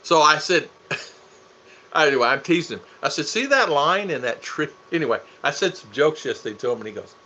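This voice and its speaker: A man's voice: on the high side, big pitch swings, normal speed, sharp tone, slight background noise. A man hosting a casual livestream, joking, teasing and laughing as he answers viewer comments. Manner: goofy, teasing, laughs often. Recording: dull lo-fi stream audio.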